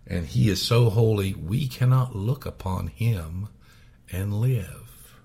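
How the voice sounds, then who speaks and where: A man preaching a sermon, swinging from loud raised passages to hushed whispers. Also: fairly low pitch, slow, creaky, slightly rough.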